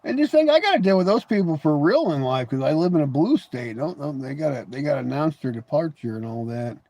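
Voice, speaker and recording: A man's voice: on the high side, expressive, fast, a little mellow, dry recording, dull audio. Teasing, laughing man hosting a live stream. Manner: mocking and teasing, laughs often, repeats words as he starts. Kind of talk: casual live stream chat, replying to viewers.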